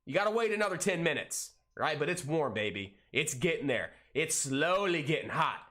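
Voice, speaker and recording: A man hosting a live day-trading stream, calling out prices and cracking jokes in an excitable, hyped way. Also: a little high. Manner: excitable, hyped, jokey, calls out prices rapidly. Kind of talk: live trading commentary and banter.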